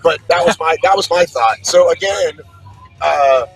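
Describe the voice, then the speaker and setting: Male guest on a live race stream, slightly high voice, brash and profane, cracks jokes at his own expense. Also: measured pace, music in the background, low-quality recording. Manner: brash, profane, self-mocking. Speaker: guest commentator. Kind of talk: casual joking live-stream chat.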